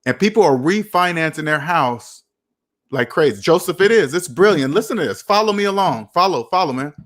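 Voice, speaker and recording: A man's voice: on the high side, animated, brisk, a bit bright. A man hosting a personal finance livestream, talking emphatically to his chat, repeating points and asking rhetorical questions.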